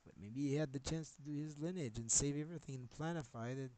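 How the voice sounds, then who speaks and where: A man's voice: medium pitch, quick pace, mellow, poor audio. A man streaming, talking in a rambling, agitated monologue with a lot of swearing.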